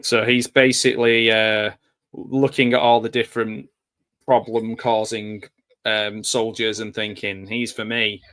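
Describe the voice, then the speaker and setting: A man's voice: on the low side, level tone, measured pace, fairly bright tone, smooth. A man giving a casual, rambling live commentary while watching a movie, drifting into nostalgic asides. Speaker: film commentator.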